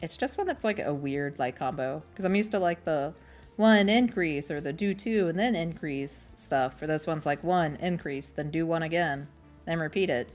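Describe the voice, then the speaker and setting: A young woman with a fairly low voice chats in a loose, rambling way, cracking jokes at her own expense. Soft music plays faintly behind her. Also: animated, moderate pace. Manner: rambling, chatty, self-deprecating. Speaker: streamer. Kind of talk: casual chat while crocheting.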